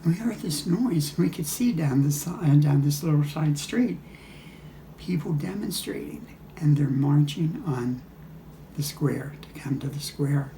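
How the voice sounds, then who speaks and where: A man's voice: fairly high pitch, lively intonation, measured pace, warm tone, slight background noise. An older man casually recounting travel memories, rambling with frequent restarts and chuckles. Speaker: storyteller. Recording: echoey room.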